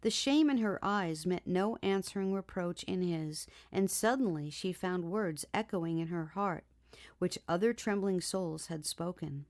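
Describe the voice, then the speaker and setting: Woman narrator, audiobook, lower register, measured and expressive.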